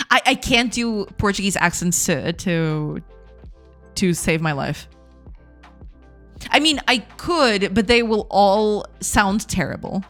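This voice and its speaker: A woman's voice: mid-range voice, lively intonation, slow, a bit bright. Woman streamer, casual live chat, self-deprecating, laughs a lot, faint music behind. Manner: self-deprecating, laughs often, repeats words. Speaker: game dev streamer.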